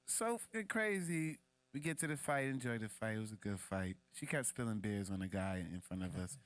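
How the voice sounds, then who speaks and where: A man's voice: fairly quick, no room sound. A young man co-hosting a podcast, telling a casual story full of profanity and street slang. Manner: animated, acts out quoted voices in a much higher pitch. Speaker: podcast co-host.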